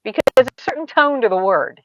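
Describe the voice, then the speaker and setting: A middle-aged American woman telling stories in a relaxed group chat, laughing often and trailing off into asides. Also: on the high side, background noise. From United States. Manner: chatty storyteller, quick laughs, trailing asides. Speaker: show host. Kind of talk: casual chat.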